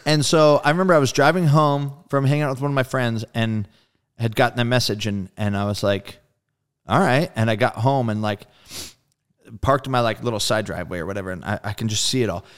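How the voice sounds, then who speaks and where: A man being interviewed as a guest musician, telling a story in a casual, animated way, acting out quoted dialogue and swearing freely. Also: medium pitch, a little fast, clear, resonant tone.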